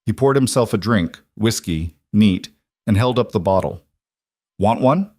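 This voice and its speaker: A man narrating a dark romance story in a measured, dramatic reading. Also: fairly low pitch, no echo, studio quality.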